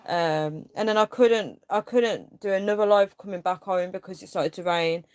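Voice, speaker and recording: Her medium-pitched voice is smooth, moving at a normal speed with few pauses, recorded at studio quality with no room sound. She's a young livestream host reading viewer comments aloud and venting her frustration in a rambling way with lots of fillers.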